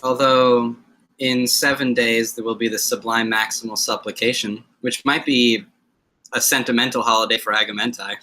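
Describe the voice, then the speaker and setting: A man's voice: medium pitch, level tone, moderate pace, pushed and bright, poor audio. A man playing a tabletop game, chatting casually with joking retorts. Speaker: player.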